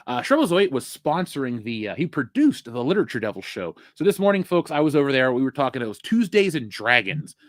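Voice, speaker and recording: A man's voice: medium pitch, big pitch swings, fast, few pauses, dry recording, clean studio sound. A man co-hosting a casual pop culture chat, joking around and riffing on terrible puns. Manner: jokey, riffs on bad puns. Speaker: podcast co-host.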